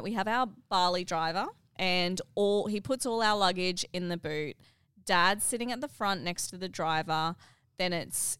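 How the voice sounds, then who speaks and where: Aussie girl in her 20s telling a story on a podcast, animated and dramatic, smooth clear voice, dry sound. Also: fairly low pitch, dry recording. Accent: Australian. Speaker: podcast co-host. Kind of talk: casual chat, storytelling.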